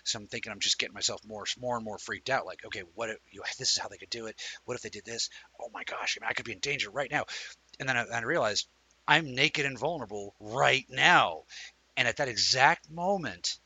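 A man hosting a live-streamed chat show, telling a rambling, animated story and talking with viewers. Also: medium pitch, a little fast, slightly rough, poor audio. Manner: reads out and answers viewer comments. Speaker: livestream show host.

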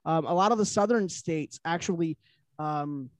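A man with a high-pitched voice hosts a loose podcast chat. He rambles along with frequent restarts and fillers. The sound is dry and close, with no room echo. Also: moderate pace. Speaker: podcast host.

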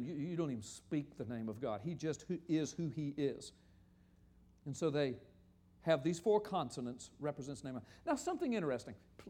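A man preaching a sermon, animated and emphatic, swinging between loud drawn-out stresses and quiet asides. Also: on the high side.

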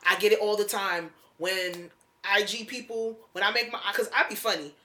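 Woman, blunt and cussing a lot, bright sharp voice, just chatting. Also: mid-range voice, fairly even intonation, moderate pace. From North Jersey, USA. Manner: blunt, profane storytelling. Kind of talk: casual chat.

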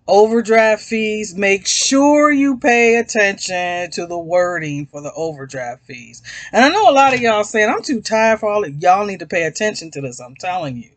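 Man, podcast host, high voice, loose rambling chat, calls listeners y'all. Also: a bit bright, no echo. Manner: rambling, swears freely, addresses listeners as y'all. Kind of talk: casual chat.

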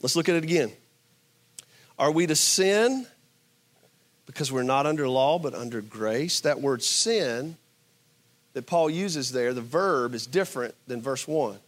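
A man preaching a sermon. He is emphatic, swings between loud bursts and quiet asides, and asks his listeners rhetorical questions. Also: mid-range voice, lively intonation, unhurried, long pauses. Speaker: pastor.

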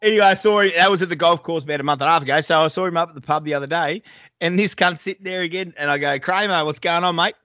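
An Australian man with a bright, forceful voice and dry, close sound, bantering bluntly and swearing freely. He tells his yarns in a relaxed, joking way. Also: fairly high pitch, racing, dry recording. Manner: blunt, sweary banter full of mate and bloke. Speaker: podcast host. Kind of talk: casual chat.

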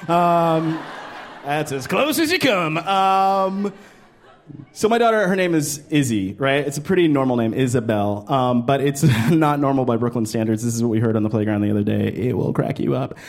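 A man in his thirties doing stand-up comedy, animated and profane, slipping into exaggerated voices. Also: mid-range voice, normal speed. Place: live comedy stage.

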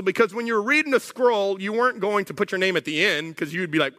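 A man's voice: high voice, fast talker, hardly any pauses. A man preaching a sermon as pastor, telling stories with humorous asides. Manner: animated storytelling, humorous asides. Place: church sanctuary. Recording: echoey church hall.

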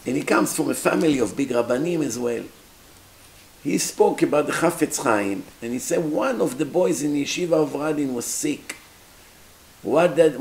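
Animated storytelling man, slow delivery. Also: medium pitch, creaky, a little hiss or hum. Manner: animated storyteller acting out characters. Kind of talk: storytelling sermon.

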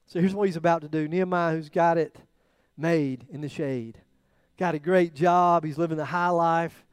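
A man preaching a sermon, acting out quoted prayers, shifting from loud bursts to near whispers. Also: on the high side, steady tone, moderate pace, clean tone, dry recording. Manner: dramatic, acts out biblical quotes with swings in loudness. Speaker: pastor.

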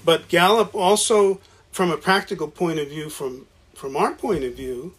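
A man's voice: on the high side, normal speed, a bit bright, breathy edge. A man talking casually about founding a college, stopping and restarting often, repeating words as he goes. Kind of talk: casual conversation.

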